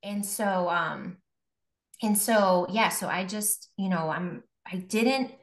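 A woman's voice: medium pitch, slow. A young adult woman from Buffalo, New York, telling her personal faith testimony as a guest, chatty and full of fillers and restarts. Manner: conversational, many fillers and restarts. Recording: roomy echo.

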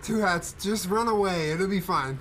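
A man's voice: sits high, moderate pace, a bit bright, a little hiss or hum, rough recording. A man streaming a trucking game, chatting casually with viewers and friends in trucker radio lingo. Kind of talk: casual gaming stream chat.

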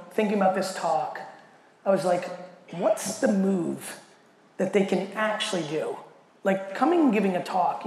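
A man giving a keynote talk, telling a story in an animated, profane way and acting out the quoted dialogue. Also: high voice. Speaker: keynote speaker. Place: large event hall. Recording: echoey hall with faint noise.

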